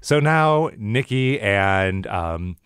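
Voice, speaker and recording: A man co-hosting a podcast, giving relaxed, wry commentary on a TV episode. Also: lowish voice, extremely slow, clear, resonant tone, no echo, studio quality. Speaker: podcast co-host. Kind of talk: casual TV recap chat.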